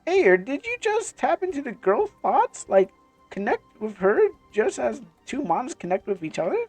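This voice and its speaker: A man doing a high, fretful young girl. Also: sing-song, normal speed, no room sound, soft background music, heavily acted. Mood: alarmed. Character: anxious, caring young girl companion.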